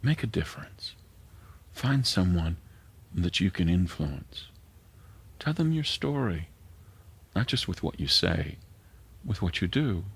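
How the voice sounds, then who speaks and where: A middle-aged man, a pastor, preaching a sermon in an earnest way and sometimes dropping to a hushed near-whisper. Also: sits low, big pitch swings, slow pace, vocal fry, long pauses, slightly rough.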